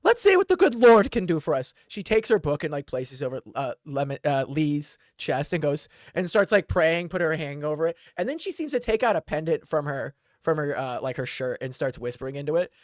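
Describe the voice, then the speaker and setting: A man's voice: on the high side, fairly quick, few pauses, dry recording. A man narrating a tabletop game as dungeon master, rambling and full of fillers.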